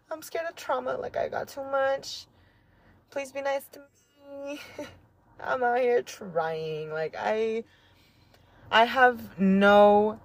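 Low-voiced woman rambling earnestly on her solo podcast, lots of "like" and little laughs. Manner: earnest, heartfelt, rambling with frequent "like" and soft laughs. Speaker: podcast host. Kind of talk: reflective solo podcast monologue.

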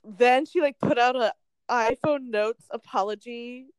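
A young woman gossiping in a casual chat, full of "like" and quick asides. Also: fairly high pitch, clean tone, no echo. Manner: chatty, lots of "like", laughs often.

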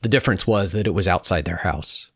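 A man with a deep, low voice reads a first-hand reflection in a calm, measured way. The recording is close and dry, with no room sound around him. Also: slightly rough, no echo. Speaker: narrator. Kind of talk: reading a personal reflection aloud.

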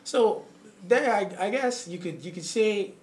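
A man's voice: sits high, unhurried, a crowd in the background. A man, a comedian telling stories in casual chat and acting out what people said, often laughing. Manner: animated storyteller acting out quotes, laughing often. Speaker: comedian guest.

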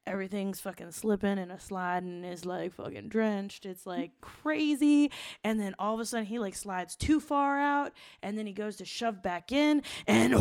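A woman's voice: mid-range voice, moderate pace, smooth, no echo, studio quality. Profane young woman telling a story. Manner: blunt, profane, animated retelling. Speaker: podcast co-host. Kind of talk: casual comedic storytelling.

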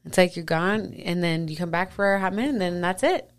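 A middle-aged woman hosts a podcast in easy conversation with her husband, upbeat and quick to laugh. Her voice sits a little lower than most women's. She often restarts phrases as she talks. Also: clear, resonant tone. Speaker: podcast host. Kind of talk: casual chat.

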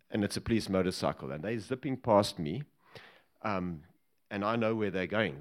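Low-voiced man, ex-bodyguard raconteur, humorous live storytelling. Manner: lively and humorous, laughing at his own story. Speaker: former presidential bodyguard telling a story. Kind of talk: anecdotal storytelling to a live audience.

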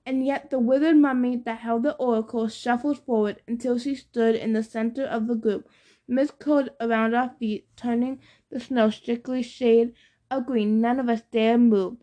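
Woman reading a novel out loud, kinda high voice, gets loud on the shouted lines. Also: fairly even intonation, normal speed. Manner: acts out dialogue with louder, higher shouts. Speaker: audiobook reader.

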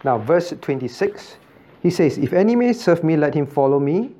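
A man's voice: on the high side, very animated, moderate pace, mellow. A man, a pastor teaching a Bible study who keeps asking the class questions and repeating key points. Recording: dull lo-fi recording.

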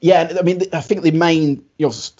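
A man chatting casually on a podcast in a relaxed, rambling way, laughing easily. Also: fairly high pitch, brisk. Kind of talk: casual chat. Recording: slightly dull lo-fi recording.

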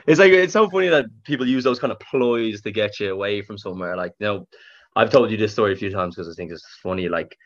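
A man's voice: lowish voice, quick pace, muffled recording. A man chatting with an old friend, telling stories animatedly and acting out other people's lines. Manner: animated storyteller, acts out quoted voices. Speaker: podcast guest. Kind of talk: casual chat between old friends. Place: living in California.

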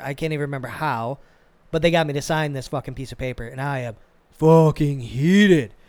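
A man hosting a podcast, telling a work story in a casual, animated and profane way. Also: medium pitch, clean tone, dry recording. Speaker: podcast host.

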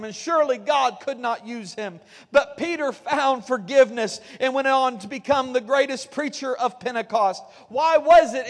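Pastor guy preaching sunday sermon, really high voice, big echoey church sound. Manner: preaching, rising to fervent shouts at the climax. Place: church sanctuary. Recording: long reverb of a church hall.

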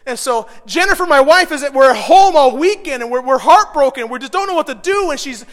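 A middle-aged man pastor preaching a sermon, telling a personal story with emotion that swells to loud, intense peaks. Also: very high voice, lively intonation, fairly quick, long reverb tail.

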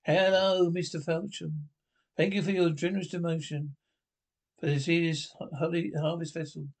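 A man's voice: on the high side, flat delivery, normal speed, close to an everyday voice. An actor playing a cheery male vicar who slips sly double meanings into parish notices. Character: innuendo-prone male comedy vicar.

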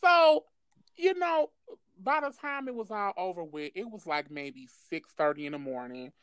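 A woman's voice: medium pitch, normal speed, smooth, no room sound. Woman spilling a crazy story to her friend, swears constantly, laughs a lot, dry close sound. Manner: profane, animated, laughs often. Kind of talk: casual storytelling chat.

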